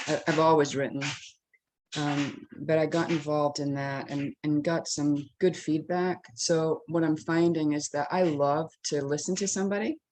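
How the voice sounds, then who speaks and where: A woman in her late sixties, an interfaith minister, sharing her personal journey in a halting, emotional way with many restarts and a tearful edge. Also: deep voice, background noise. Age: 60s. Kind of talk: personal sharing in a faith circle.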